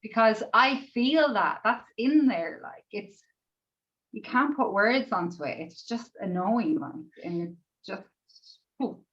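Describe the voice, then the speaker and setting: The audio is dull, but this woman's fairly high, animated voice comes through at a measured pace. She is a group coaching participant who shares with deep emotion, almost in tears, gushing and rambling with lots of "like" and an occasional swear.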